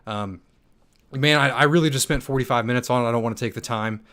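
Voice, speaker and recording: A young man hosting a livestream Q&A, reading chat comments aloud and answering in a hyped, fast manner with many ums and restarts. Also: medium pitch, a bit bright. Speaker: stake pool operator and channel host.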